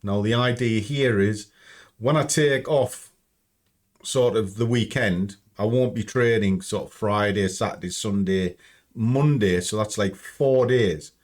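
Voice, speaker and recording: A man's voice: lowish voice, a little slow. A man hosting a trading channel from home, walking through his screen in a chatty, blunt way and swearing freely. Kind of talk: casual screen-share walkthrough.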